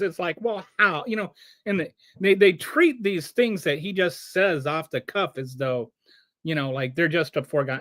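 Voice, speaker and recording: A man hosting a show of casual political commentary, talking in an animated way with frequent restarts and rhetorical questions. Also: high voice, a little slow, no echo, studio quality. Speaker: show host.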